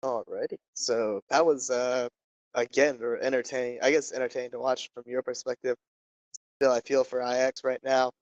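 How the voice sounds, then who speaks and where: A young male caster interviewing a player after a match, teasing him with dry jokes. His delivery stays flat and even, and the audio is dry and a little dull. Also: medium pitch, moderate pace, dry recording. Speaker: esports caster. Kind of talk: casual post-match interview.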